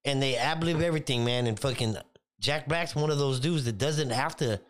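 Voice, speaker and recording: A man's voice: medium pitch, moderate pace. Laid-back slangy man co-host. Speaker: podcast co-host. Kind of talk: casual chat.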